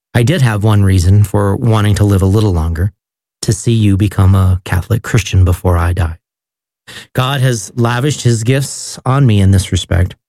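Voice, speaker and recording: A man with a lowish voice reads aloud in a slow, reverent way. The sound is close and dry. Each phrase is measured and solemn. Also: darkish tone, no room sound. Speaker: reader. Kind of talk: solemn scripted reading.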